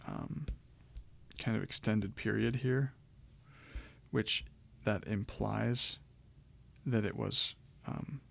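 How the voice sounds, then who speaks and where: Low gravelly male Greek teacher. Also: fairly even intonation, drawn-out words. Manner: explanatory, with frequent ums and restarts. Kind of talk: recorded lecture walkthrough.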